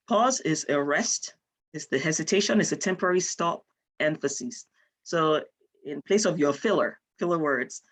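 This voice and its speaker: A woman from Nigeria, giving an online lecture and explaining with example sentences. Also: low-pitched.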